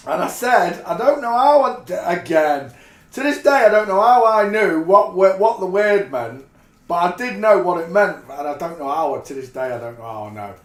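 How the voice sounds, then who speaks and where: A man's voice: sits high, expressive, moderate pace. A man from England, telling rambling anecdotes in a casual way and often breaking into laughter. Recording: roomy echo.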